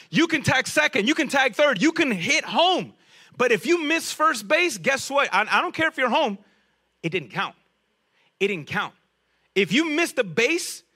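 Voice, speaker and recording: A man delivering a sermon in a high, bright voice. He preaches with lively energy, climbing on rhetorical questions and then dropping to a hushed, low finish for his key points. He keeps speaking directly to his listeners. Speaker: pastor.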